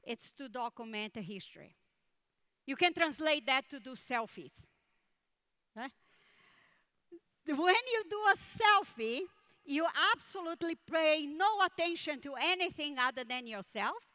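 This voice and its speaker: Slow, bright-voiced woman giving a keynote. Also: sits high, animated. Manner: measured, deliberate, repeats words for emphasis. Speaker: conference keynote speaker. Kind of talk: keynote speech with storytelling.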